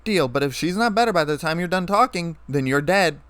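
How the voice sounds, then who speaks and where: A man's voice: fairly high pitch, expressive, a little fast, fairly bright tone, clear, resonant tone, no room sound, voice pushed up. A man reading a story aloud, voicing a bold, teasing tomboy pegasus mare. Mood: brash.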